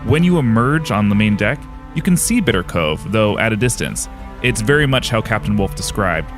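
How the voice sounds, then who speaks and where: A man narrating a tabletop game as game master in a measured, descriptive way, over faint music. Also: on the low side, sing-song.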